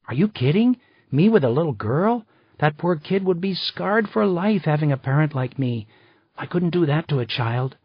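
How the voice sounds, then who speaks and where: A woman's voice: low-pitched, expressive, normal speed, slightly rough, no echo, voice pushed up. A man voicing a blunt, wisecracking woman cop friend in an audiobook, in a brash, self-mocking manner. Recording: dull lo-fi dry recording.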